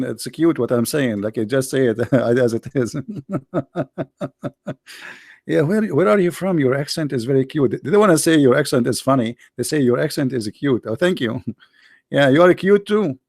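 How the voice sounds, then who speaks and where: A middle-aged man hosting a livestream, joking sarcastically and reading the chat aloud, in halting non-native English. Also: medium pitch, expressive, darkish tone, no room sound, clean studio sound. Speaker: livestream host. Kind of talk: casual live-chat banter.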